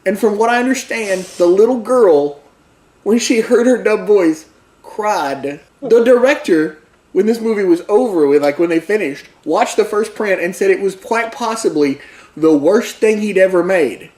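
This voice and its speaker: A man with a fairly high voice, talking casually as he rambles through a movie plot with joking asides. The recording has a noticeable roomy echo around him. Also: expressive, moderate pace, darkish tone. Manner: rambling, jokey storytelling with asides. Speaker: podcast co-host. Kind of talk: casual movie recap chat.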